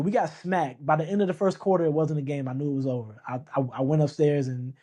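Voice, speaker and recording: A man's voice: on the high side, steady tone, quick pace, dark tone. A man hosting a casual talk show, emphatic, often repeating himself and restarting sentences. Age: adult. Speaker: sports podcast host. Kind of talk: casual sports talk monologue.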